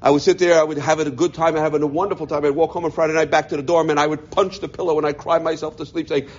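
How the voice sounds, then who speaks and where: A man's voice: on the high side, little pitch movement, fast, few pauses. A middle-aged man telling a personal story to a gathering, heartfelt and full of restarts, in a dull lo-fi recording. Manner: heartfelt, repeats words often while searching for them. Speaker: speaker telling his life story.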